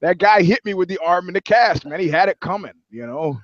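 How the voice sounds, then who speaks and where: Male podcast co-host, higher voice, animated storyteller, dry muffled sound. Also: brisk, no room sound. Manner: animated storyteller, acts out quotes. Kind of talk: casual podcast banter. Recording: dry, slightly dull sound.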